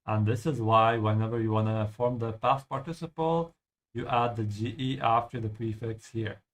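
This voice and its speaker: A man's voice: mid-range voice, moderate pace. A man teaching German while playing a game, explaining patiently and ending his points with "yeah?". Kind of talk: language lesson over gameplay.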